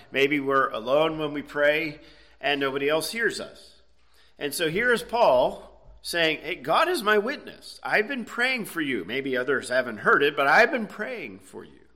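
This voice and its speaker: A man's voice: medium pitch, bright, forceful tone. A middle-aged man preaching a sermon, explaining a passage in a conversational way and checking in with "okay?" and "right?". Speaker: pastor.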